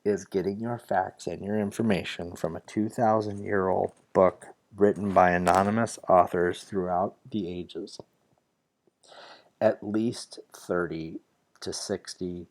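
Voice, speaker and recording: Deep-voiced earnest American man. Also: darkish tone. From United States. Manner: earnest, argumentative, hesitant with restarts. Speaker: vlogger. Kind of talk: casual monologue to the camera.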